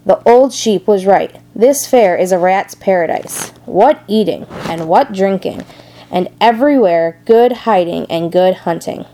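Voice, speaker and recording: A woman voicing a sneering, greedy male rat in a storybook reading, in a mellow voice. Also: mid-range voice, unhurried, a little hiss or hum, close to an everyday voice.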